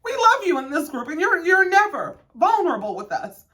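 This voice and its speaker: A woman doing a reality-TV woman lecturing a friend, firm and earnest. The delivery is emotional, with a lively rise and fall. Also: very high-pitched, fairly quick, pitched above the performer's own voice, full character voice.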